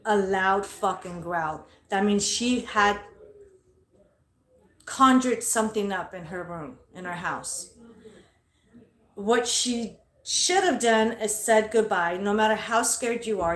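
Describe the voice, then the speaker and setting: A woman's voice: medium pitch, a bit bright, reverberant. A woman telling a ghost story from her bedroom at home in a casual, blunt way, swearing constantly. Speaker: paranormal investigator vlogger.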